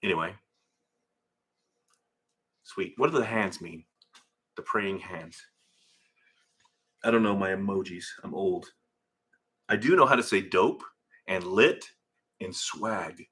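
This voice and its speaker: Middle-aged guy rambling on a garage livestream into his phone, lowish voice but sharp and punchy. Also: slow, pauses often, slightly rough. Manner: rambling, chatty, reads comments aloud mid-thought. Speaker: livestream host reading viewer comments. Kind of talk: casual livestream chat. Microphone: phone camera.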